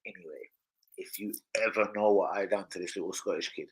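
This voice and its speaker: A man's voice: low-pitched, steady tone, fairly quick, poor audio. A man from London with a London accent, chatting on a live football stream and telling rowdy, swear-filled stories. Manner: loud, swearing storyteller, jumps into shouting. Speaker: football channel host. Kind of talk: casual live-stream chat.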